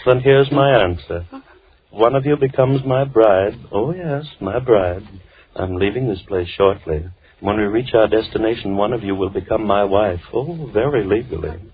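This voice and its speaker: A man playing a soft-spoken menacing madman. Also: fairly low pitch, normal speed, natural voice. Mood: softly menacing. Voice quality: calm, gentle, coldly polite. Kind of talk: 1950s radio drama acting. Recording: tinny old radio broadcast with faint hiss.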